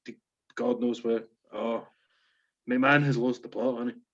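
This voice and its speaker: A man's voice: medium pitch, flat delivery, moderate pace, fairly bright tone, a little hiss or hum. A man co-hosting a podcast, swearing and joking in casual banter. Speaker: podcast co-host. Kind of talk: casual chat. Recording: dull lo-fi sound.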